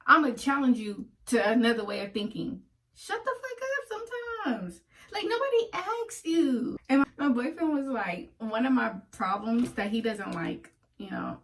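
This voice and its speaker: A woman vlogging a casual monologue to her viewers, blunt and profane as she rants heatedly. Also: on the high side. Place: home in Atlanta. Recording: voice a bit far from the mic.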